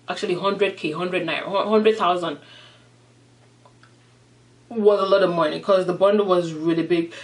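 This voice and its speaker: Eating-show host, lively chatty retelling, mic a bit far off. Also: mid-range voice. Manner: animated retelling, acting out the characters. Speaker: mukbang vlogger. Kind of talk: casual storytelling while eating.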